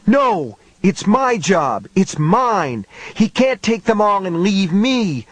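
A frantic, grief-stricken young boy screams and pleads in a frenzy, as a man reading the audiobook puts him on. The voice leaps far above the reader's own, loud and strained. It is recorded dry and close. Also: high voice, animated, a little slow, no echo, pitched above the performer's own voice. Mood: screaming frenzy.

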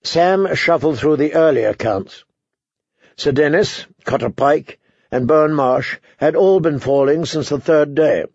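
Gravelly male audiobook narrator. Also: fairly high pitch, unhurried, dry recording. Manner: steady storytelling, voices characters. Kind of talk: scripted narration. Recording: dry, slightly dull recording.

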